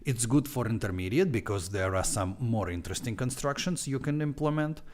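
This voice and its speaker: A man with a heavy Russian accent, a Russian native speaker, walking through his course on a live stream in a playful, animated way. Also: medium pitch, a little fast. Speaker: online language teacher.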